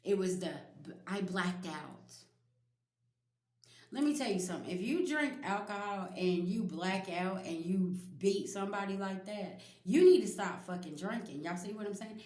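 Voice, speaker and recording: A woman's voice: mid-range voice, lively intonation, moderate pace, a little mellow, reverberant. A woman giving a casual spiritual reading to her viewers, blunt and emphatic, swearing freely and speaking straight to them. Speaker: spiritual reader.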